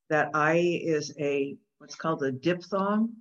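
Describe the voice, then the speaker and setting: Patient instructor, very slow delivery, dull lo-fi sound, chants syllables evenly in a call-and-response pronunciation lesson. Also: mid-range voice. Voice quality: patient, explains step by step. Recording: dull lo-fi recording.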